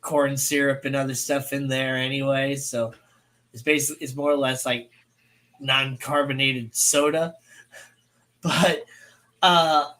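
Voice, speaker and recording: A man's voice: medium pitch, little pitch movement, slow pace, pauses often, sharp tone. A man in his thirties from St. Louis, Missouri, co-hosting a casual livestream, rambling with many fillers and laughing often. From United States. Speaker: co-host.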